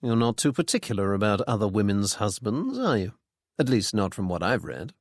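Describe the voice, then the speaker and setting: A man reading an audiobook, voicing a young gentleman amateur detective with a bland, politely ironic manner. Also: fairly low pitch, sing-song, fairly quick, creaky, no room sound, studio quality, exaggerated voice. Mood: probing. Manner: politely ironic, mock-innocent.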